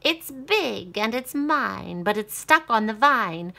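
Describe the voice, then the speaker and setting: A woman voicing a loud, cranky storybook witch. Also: fairly high pitch, animated, slow, vocal fry, heavily acted. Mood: stubborn. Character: cranky greedy female witch.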